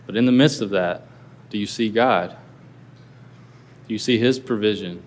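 A man's voice: on the low side, normal speed, a little hiss or hum. A male pastor preaching a sermon earnestly, asking his listeners rhetorical questions. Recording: long reverb of a large hall.

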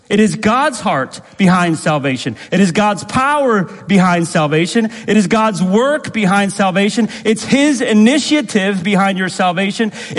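A man preaching a sermon as pastor, emphatic and repetitive, asking the congregation rhetorical questions. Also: high-pitched. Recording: long reverb in a hall.

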